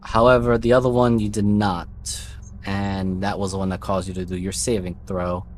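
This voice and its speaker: A man narrating as game master of a tabletop role-playing game, relaxed and at times slow and descriptive. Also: sits low, a little hiss or hum.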